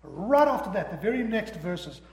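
A man's voice: high-pitched, big pitch swings, moderate pace, a little mellow. A man preaching a sermon to a congregation, emphatic and acting out the quoted dialogue in his own voice. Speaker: pastor. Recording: echoey hall.

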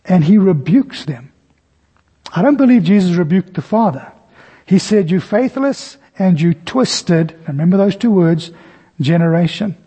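Husky preacher man in a reverberant hall. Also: dark tone. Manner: storytelling, acts out scenes with varied pitch. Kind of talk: sermon.

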